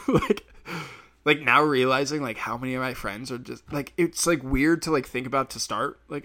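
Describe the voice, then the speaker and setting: A man talks through a solo podcast rant in a middle-pitched voice. He rambles, swears often and keeps laughing at his own jokes. Now and then he slips into quick impressions of other people. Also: huge pitch swings, bright, forceful tone. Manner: acts out quoted people in sudden bursts. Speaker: podcast host.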